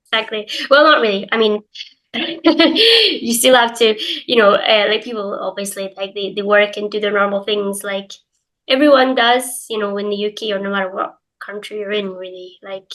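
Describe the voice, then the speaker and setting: Poor audio captures a young Glaswegian woman, lightly accented, speaking at normal speed in a mid-range, somewhat bright voice. An English teacher from Scotland, she's a casual interview guest who leans heavily on fillers and hedges.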